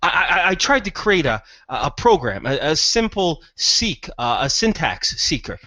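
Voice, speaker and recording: A man doing an excitable stammering hacker. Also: on the high side, measured pace, dry recording, voice pushed up, full character voice. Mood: excited. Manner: rambling, stammering, eager. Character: excitable male hacker, rambling and nervous.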